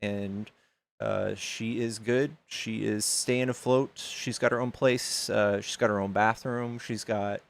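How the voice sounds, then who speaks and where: A man's voice: on the low side, fairly even intonation, takes it slowly, creaky. A man hosting a live stream, loose and joking, swearing casually and reading donations aloud to his chat. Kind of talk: casual livestream chat and debate.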